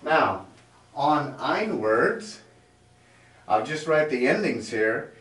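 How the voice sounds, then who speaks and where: A man's voice: mid-range voice, big pitch swings, fairly bright tone. A man teaching a grammar lesson in a classroom, explaining step by step as he writes on a board. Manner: slow, explanatory, writing on a board as he talks. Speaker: German teacher. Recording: echoey room, mic far off.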